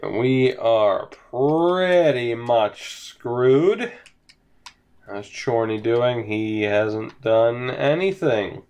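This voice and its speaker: In a clean, darkish mid-range voice, animated yet very slow, a young man commentates his hockey video game franchise casually at home. It's let's-play chatter from a gaming commentator who sighs, yawns and sounds defeated as the losses mount.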